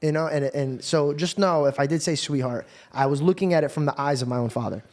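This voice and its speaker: A man's voice: on the high side, a little fast, darkish tone. A man hosting an interview, telling heartfelt stories in casual talk with frequent swearing. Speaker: podcast host.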